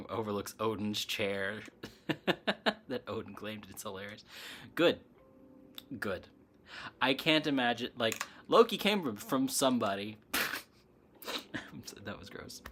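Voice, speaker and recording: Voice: mid-range voice, slow pace, pauses often, fairly bright tone, a little hiss or hum. A spiritual livestream host chatting casually through a bout of hiccups, rambling and laughing often.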